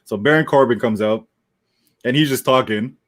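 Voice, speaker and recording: A man co-hosting a podcast, telling stories in an animated, casual way and swearing freely. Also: mid-range voice, normal speed. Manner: animated storytelling with profanity. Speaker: podcast co-host. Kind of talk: casual chat.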